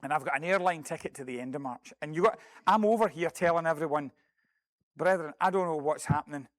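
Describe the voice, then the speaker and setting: A man's voice: on the high side, fast. A middle-aged man giving a mission report to a congregation, telling a story and acting out phone calls with earnest, self-deprecating asides. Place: church building.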